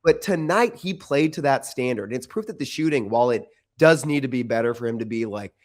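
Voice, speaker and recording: A man's voice: medium pitch, lively intonation, a little fast. Guy breaking down his team's play on a podcast, opinionated, lots of likes and restarts, ordinary voice. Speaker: podcast co-host. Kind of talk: casual sports chat.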